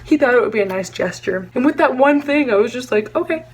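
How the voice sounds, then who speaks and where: A woman's voice: on the high side, lively intonation. A young woman with a Texan accent reacting to a book in a vlog, gushing and dramatic with lots of "like". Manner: gushing, fast, full of "like" and dramatic asides. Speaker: book vlogger.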